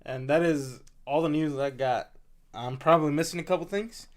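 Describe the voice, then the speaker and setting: A man's voice: on the high side, moderate pace. A man co-hosting a podcast in casual chat, easygoing, giving brief replies and going over the news. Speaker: podcast co-host.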